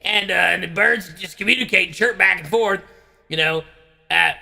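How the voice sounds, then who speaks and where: A man doing a gravelly blustering conspiracy-rant host. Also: high-pitched, exaggerated voice. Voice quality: gravelly, raspy. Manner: blustering, bursts into shouting, halting filler-heavy rant. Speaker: comedian doing a parody rant. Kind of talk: comedic impression rant.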